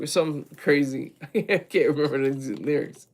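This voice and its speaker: On his casual livestream, a man with a high voice rambles full of energy, often starting sentences over and breaking off to speak to chat. He sounds expressive and talks at a normal speed.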